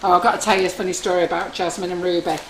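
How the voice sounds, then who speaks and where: Baking live on a stream in a home-style kitchen studio, a woman talks very fast in a fairly low, fairly bright voice with a level tone, joking, telling stories and teasing her viewers. The low-quality audio is reverberant, with a slight hiss or hum.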